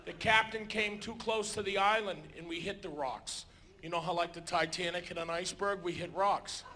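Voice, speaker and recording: A male stand-up comedian telling animated stories on a theater stage, breaking into sudden shouts. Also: high voice, moderate pace. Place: theater stage before a live audience.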